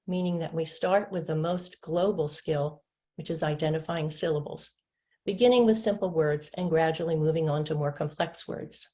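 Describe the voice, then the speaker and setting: Patient woman teaching literacy, mellow voice. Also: lowish voice. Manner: patient, demonstrates words slowly with clapping. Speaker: literacy instructor. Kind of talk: webinar teaching demonstration.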